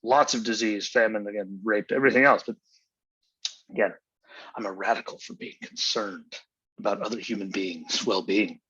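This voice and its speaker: A man's voice: fairly low pitch, steady tone, moderate pace, fairly bright tone, husky, dry recording, muffled recording. A man hosting his own show, delivering an angry, profane, exasperated solo rant. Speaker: podcast host.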